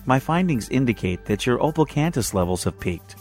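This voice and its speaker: A man voicing a calm, polite woman ship's doctor speaking in a clinical way. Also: mid-range voice, fairly quick, faint music behind, voice pushed up.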